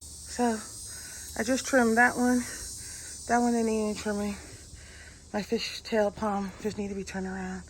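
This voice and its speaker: A woman's voice: mid-range voice, level tone, a little slow, long pauses, noisy background. Chatty, sweaty woman vlogging at home. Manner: chatty, laughs often, talks to viewers as y'all. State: sweaty from yard work. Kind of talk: casual chatty vlog. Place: at home, in the backyard and indoors.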